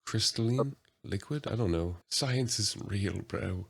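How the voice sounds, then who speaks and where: A deep-voiced male podcast co-host chatting casually. He keeps things laid-back and answers with short, blunt quips. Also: a little slow, vocal fry, husky. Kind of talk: casual chat.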